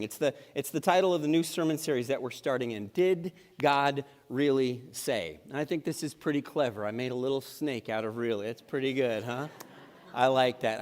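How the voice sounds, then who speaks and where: A middle-aged man preaching a sermon with a higher-than-usual voice. He talks casually and jokes, restarting his phrases often, and his voice hangs in the long reverb of a church sanctuary. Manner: conversational, humorous, with frequent restarts. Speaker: pastor.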